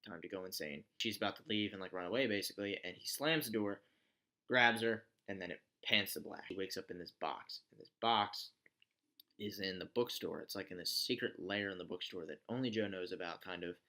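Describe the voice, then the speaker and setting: A man's voice: fairly low pitch, a little fast, pushed and bright. A man recapping a TV show in a casual, rambling way, with sarcastic asides. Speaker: TV show reviewer.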